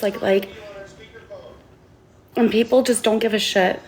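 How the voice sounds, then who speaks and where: A woman vlogging an impassioned, tearful monologue as an author, pleading earnestly and sometimes swearing, with halting restarts. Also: medium pitch, steady tone, darkish tone. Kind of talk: emotional vlog monologue.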